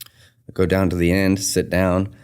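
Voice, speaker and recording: Very low-voiced man telling a story. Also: a little slow, clean tone. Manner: earnest, animated retelling with quoted dialogue. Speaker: tattoo artist and shop owner, guest. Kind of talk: casual storytelling in a podcast interview.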